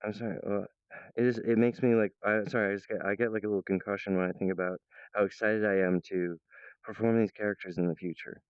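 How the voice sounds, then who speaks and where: A man with a low, smooth voice rambles excitedly through an off-the-cuff monologue, restarting sentences as he jumps from one idea to the next. The recording is dry and a little dull, with a lo-fi edge. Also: fast, dry recording. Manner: excitable, jumps between ideas. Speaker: video creator.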